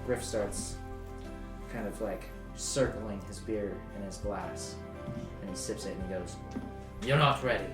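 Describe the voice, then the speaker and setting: A man narrating a tabletop game as game master in a relaxed, casual way. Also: on the low side, a little slow. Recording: echoey room with music behind.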